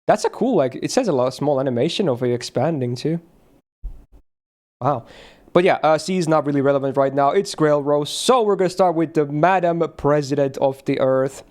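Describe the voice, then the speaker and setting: A young man streaming a game, chatting casually in a rambling, excitable way and swearing freely. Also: fairly high pitch.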